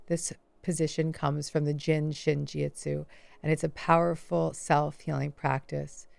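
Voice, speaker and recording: A woman teaching guided relaxation, coaching softly and slowly with breath cues. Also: low voice, creaky, dry recording. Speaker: self-help teacher.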